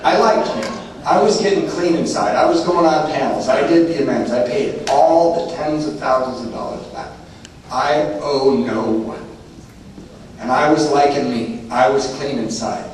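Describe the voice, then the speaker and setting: A man's voice: mid-range voice, moderate pace, darkish tone. Man, 40s, from California, recovery meeting speaker, humorous testimony with frequent laughter, distant mic in a very echoey hall. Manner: storyteller, often laughing. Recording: echoey hall from far off, noisy room.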